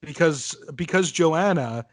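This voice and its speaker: A man's voice: fairly high pitch, lively intonation, slow, a little hiss or hum. A young adult man co-hosting a podcast, telling a story and teasing his friends in casual chat. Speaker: podcast co-host.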